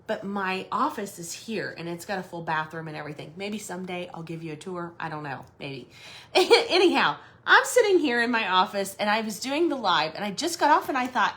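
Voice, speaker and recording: A woman's voice: mid-range voice, fairly quick. Chatty woman hosting a home decor livestream. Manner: chatty, animated storytelling with laughs. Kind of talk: casual livestream chat. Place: her office in a shed building.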